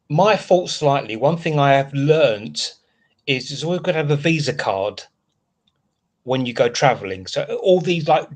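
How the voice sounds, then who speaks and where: Frustrated Englishman ranting on a livestream. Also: mid-range voice. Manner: frustrated rambling rant, reading out chat comments. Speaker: livestream host. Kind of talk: casual live chat.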